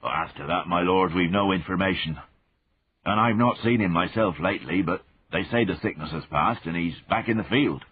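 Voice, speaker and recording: A man's voice: sits low, moderate pace, breathy edge. A man voicing a big, wary soldier turned spy who speaks deferentially, calling his listener sir and my lord, in an audiobook reading. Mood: confiding. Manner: respectful, placating, addresses listener as sir and lord. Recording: phone-like narrow band.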